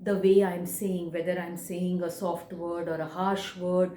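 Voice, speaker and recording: A woman teacher gives a reading lesson, stretching key words and shifting pitch and loudness to demonstrate. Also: flat delivery, moderate pace, roomy sound.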